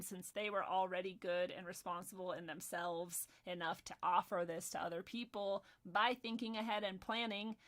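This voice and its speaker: Heated, foul-mouthed woman ranting. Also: medium pitch. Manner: profane, heated, swings between ranting and soft asides. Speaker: video commentator. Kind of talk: angry personal commentary.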